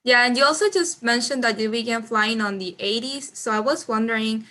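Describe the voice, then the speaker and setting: A woman's voice: on the high side, fairly quick, pushed and bright. A woman asking an interview question hesitantly, with many fillers.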